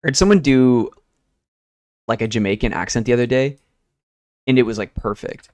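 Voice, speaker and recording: A man's voice: mid-range voice, normal speed, a little mellow, no echo, studio quality. A young man streaming, chatting casually and rambling while he works, with easygoing talk and casual swearing. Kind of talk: casual chat while working.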